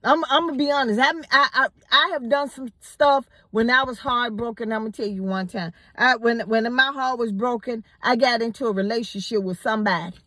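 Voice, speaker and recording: A woman telling a personal story in a casual, animated way, often repeating words as she goes. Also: fairly high pitch, brisk, hardly any pauses, no room sound. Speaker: storyteller host.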